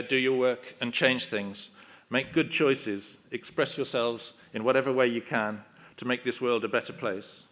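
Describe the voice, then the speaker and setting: An older man with a medium-pitched, fairly bright voice accepts an honorary award at a ceremony. Speaking into a podium microphone in a hall, he tells anecdotes in a self-deprecating, humorous way.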